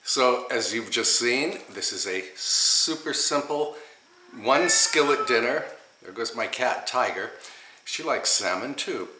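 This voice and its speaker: A man's voice: medium pitch, animated, slow pace, roomy sound, noisy background. A man hosting a home cooking show, chatty and enthusiastic as he talks through each step in his kitchen.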